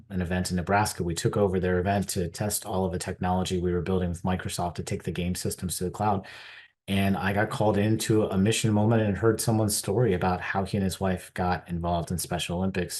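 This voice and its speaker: Middle-aged American man, deep-voiced keynote speaker, animated earnest storyteller. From United States. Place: conference stage.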